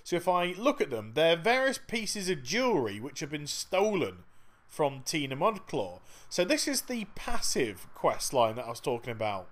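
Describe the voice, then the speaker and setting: A man's voice: a little high, big pitch swings, moderate pace, a bit bright. A man giving chatty, sarcastic commentary over a game walkthrough. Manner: chatty and sarcastic, with frequent laughs. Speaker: gaming video host.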